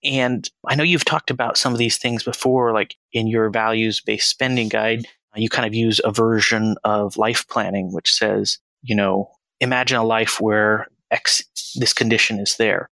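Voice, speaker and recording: A man in his thirties, a financial planner as podcast guest, speaking in an earnest, measured and reflective way. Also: on the low side, steady tone, vocal fry, bright, forceful tone, dry recording, rough recording. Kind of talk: conversational interview.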